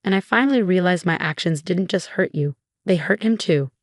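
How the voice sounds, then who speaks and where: A woman voicing a remorseful older mother-in-law who speaks softly and apologetically. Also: fairly low pitch, a little fast, no echo, studio quality, lightly acted. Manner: soft, apologetic.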